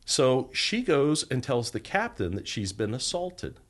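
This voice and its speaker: A man's voice: mid-range voice, measured pace. A middle-aged man on a podcast, telling a long story and acting out the lines of the people in it. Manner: animated storyteller acting out quoted dialogue. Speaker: podcast guest, former federal agent.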